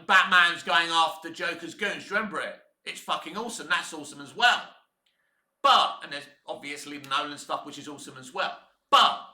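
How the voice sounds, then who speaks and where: A man's voice: high-pitched, pushed and bright, echoey room. A man with a Cockney accent giving blunt, heated commentary on films, swearing freely as he rants. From England. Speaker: YouTube film commentator. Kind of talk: opinionated commentary rant.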